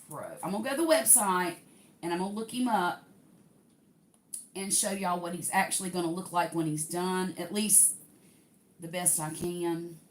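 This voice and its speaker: A woman's voice: fairly low pitch, slight background noise. An older woman, chatting casually to livestream viewers while unboxing a craft kit.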